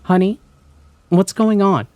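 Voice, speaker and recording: A man's voice: high voice, takes it slowly, dry recording, voice pushed up. A man putting on a wheedling mother's voice hiding something inhuman. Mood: coaxing. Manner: pleading, tearful, escalating to shouting. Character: creature mimicking a pleading, weeping mother. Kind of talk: horror story narration.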